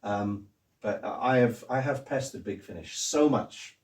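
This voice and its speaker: A man in his sixties hosting a casual interview, telling stories in an animated way. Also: lowish voice, unhurried. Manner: animated storyteller who slips into impressions. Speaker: host. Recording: echoey room, mic at a distance.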